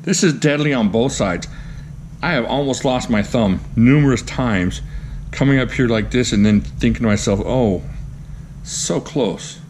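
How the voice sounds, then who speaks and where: A man hosting a casual show-and-tell vlog, gushing with excited exclamations and throwing in goofy jokes. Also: medium pitch, normal speed, a little hiss or hum. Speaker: knife collector, channel host.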